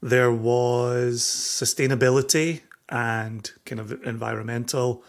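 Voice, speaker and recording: A man co-hosting a podcast in easy, joking chat. His voice has a gravelly, creaky edge, and he pokes fun at himself in a dry, wry way. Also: medium pitch, steady tone, takes it slowly. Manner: wry, self-mocking joker. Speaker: podcast co-host. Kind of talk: casual banter.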